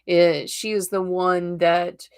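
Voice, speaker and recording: A woman's voice: lowish voice, flat delivery, slow, smooth. Chatty woman reading tarot live. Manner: chatty and reassuring, checks in with "okay?" and "right?"; laughs often. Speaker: tarot reader hosting a live stream. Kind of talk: live-stream card reading.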